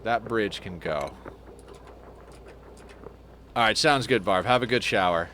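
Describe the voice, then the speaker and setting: Brief: male game streamer, lowish voice, chatty and thinking aloud, soft asides to a pet, faint hiss behind. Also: slow. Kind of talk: casual let's play commentary.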